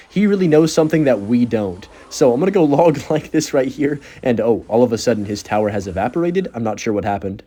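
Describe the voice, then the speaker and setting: Fast-talking young man commentating gameplay. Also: mid-range voice, warm tone. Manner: joking, sarcastic, chatty running commentary. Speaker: gaming content creator.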